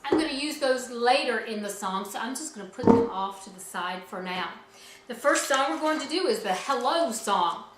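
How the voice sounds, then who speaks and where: Upbeat woman teacher leading kids' music class, highish bright voice, roomy echo. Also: expressive, moderate pace, heavy background noise. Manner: cheerful, encouraging, speaks to children directly. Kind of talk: children's music lesson.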